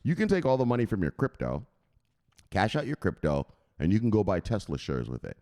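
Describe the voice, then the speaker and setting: A man's voice: lowish voice, very animated, brisk, mellow. A man hosting a crypto news vlog in a casual, blunt and profane way.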